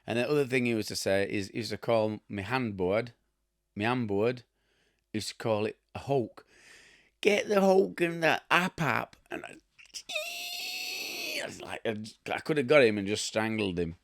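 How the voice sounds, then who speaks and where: A man's voice: fairly low pitch, moderate pace, pauses often, no echo, studio quality. A man in his fifties with a Yorkshire accent, hosting a casual chat and telling rambling, blunt stories with a chuckle. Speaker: host.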